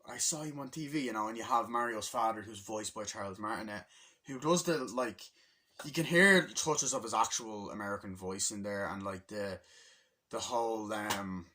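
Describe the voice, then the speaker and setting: A man's voice: lowish voice, fairly even intonation, normal speed, pushed and bright, slight background noise. A man casually reviewing a movie on video, rambling, swearing and losing his train of thought.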